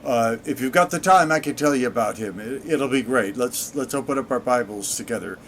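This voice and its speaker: A man giving sarcastic, deadpan commentary while playing a video game. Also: mid-range voice, fairly quick, a little hiss or hum. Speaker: let's play gamer. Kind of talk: gameplay commentary.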